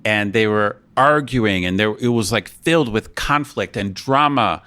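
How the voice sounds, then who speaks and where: Low-voiced man musing on a podcast. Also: unhurried, bright, forceful tone. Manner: thoughtful, hesitant, restarts and laughs. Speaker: podcast co-host. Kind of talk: casual podcast chat.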